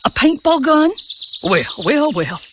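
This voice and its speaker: A prim, strict cartoon lady scolds in a stern, disapproving tone that swings up and down in pitch. Her voice sits a touch high. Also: sing-song, unhurried, background noise. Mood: stern scolding.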